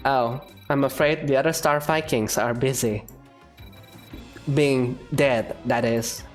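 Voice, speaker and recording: A man reading the lines of a sarcastic, gloomy spaceship computer from a game, in a dry deadpan way. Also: medium pitch, takes it slowly, soft background music, close to an everyday voice. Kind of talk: reading game dialogue aloud.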